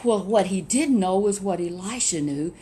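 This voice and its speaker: A woman casually retelling a Bible story, chatty and animated, with many rhetorical questions. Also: medium pitch, moderate pace, slight background noise.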